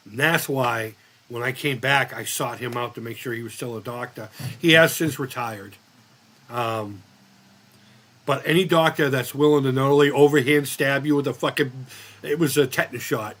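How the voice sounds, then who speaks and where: A man hosting a livestream who rambles through stories and swears freely. His voice sits a little on the high side, and he talks in a loose, casual way. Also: fairly even intonation, normal speed, fairly bright tone. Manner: profane, rambling storyteller. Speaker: livestream host.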